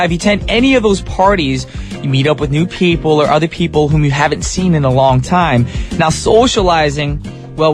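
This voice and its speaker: Male radio host, chatty, slangy, upbeat, higher voice, studio mic, faint music underneath. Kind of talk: morning radio show hosting. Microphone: studio microphone.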